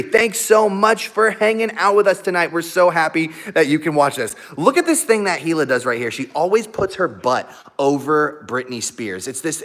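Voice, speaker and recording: Animated, laughing dog-owner host. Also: male voice, on the high side. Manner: animated, laughs often, talks to his dogs. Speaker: YouTube live stream host. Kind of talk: casual live stream chat with viewers.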